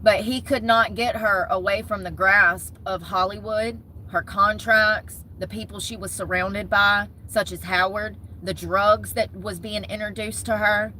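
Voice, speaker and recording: A young woman, chatting casually to camera as a vlogger, gossipy and animated. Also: medium pitch, a little slow, hardly any pauses, slight background noise, low-quality recording. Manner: chatty, gossipy, talks with her hands in words like "y'all" and "homegirl".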